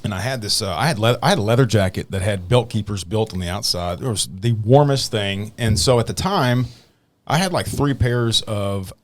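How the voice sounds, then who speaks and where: Rambling cop telling a story. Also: male voice, on the low side, expressive, normal speed. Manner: rambling, many restarts, laughs through his story. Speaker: podcast host, police officer. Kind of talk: casual storytelling chat.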